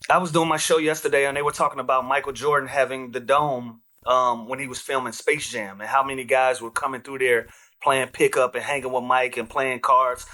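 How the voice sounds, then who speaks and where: A man as a guest on a basketball podcast, telling stories in a relaxed, animated way. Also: medium pitch, fairly quick. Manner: relaxed, animated storyteller, frequent fillers. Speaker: guest, retired basketball player. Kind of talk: casual interview storytelling.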